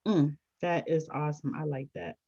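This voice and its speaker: Warm-toned woman host, dull audio. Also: sits low, steady tone, normal speed. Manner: encouraging, affirming interviewer. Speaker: podcast host. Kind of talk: casual interview chat. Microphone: video call.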